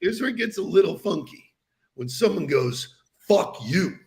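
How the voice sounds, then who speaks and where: A man's voice: high-pitched, lively intonation, moderate pace, gravelly, darkish tone. A man co-hosting a podcast in casual chat, playful and laughing often. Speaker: podcast co-host.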